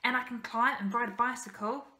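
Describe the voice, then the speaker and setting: A woman's voice: a little high, fairly even intonation, brisk, bright, forceful tone, reverberant. A woman voicing an eager, clever young boy who politely rattles off everything he can do. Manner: polite, rattling off his skills.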